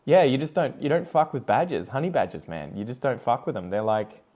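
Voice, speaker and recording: A man's voice: medium pitch, lively intonation, brisk, darkish tone. A young Australian man with an Australian accent, chatting casually and rambling while he repots plants, swearing now and then. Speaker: plant vlogger. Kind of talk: casual chatty commentary while doing chores.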